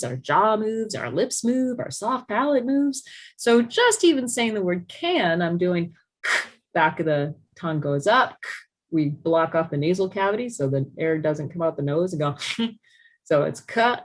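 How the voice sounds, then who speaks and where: Animated woman explaining speech sounds. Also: fairly low pitch. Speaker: speech-language pathologist. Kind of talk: explanatory talk for parents.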